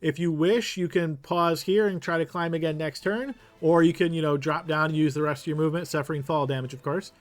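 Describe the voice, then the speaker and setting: A man narrating a tabletop game as game master, giving brisk, matter-of-fact rulings. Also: a little high, fairly even intonation, faint music behind.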